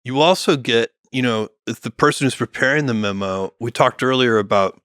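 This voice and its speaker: A middle-aged man talking in a relaxed podcast conversation, measured and thinking aloud with many fillers and restarts. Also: mid-range voice, smooth, no echo, studio quality. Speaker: guest, company founder.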